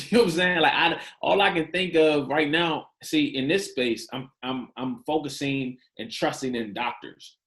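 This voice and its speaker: A man's voice: medium pitch, moderate pace, few pauses. A man in his thirties, a podcast guest, telling his story candidly in casual slang and acting out the dialogue. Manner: animated, acts out quoted dialogue, casual slang.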